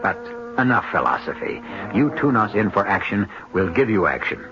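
An older man hosting a radio mystery drama, narrating in a measured, wry manner with dramatic pauses. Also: lowish voice, big pitch swings, noisy background. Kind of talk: scripted narration. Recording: dull lo-fi old radio broadcast with music.

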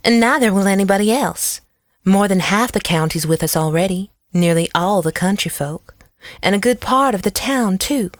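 A cheerful, menacing country woman, as a woman narrator puts her on in a storybook reading. She is pitched well above the narrator's low voice and sounds pleasant while making threats, close and dry with no room sound. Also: expressive, normal speed, no room sound, close to an everyday voice. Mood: jovial menace. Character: jovial, menacing country woman with a harsh laugh.

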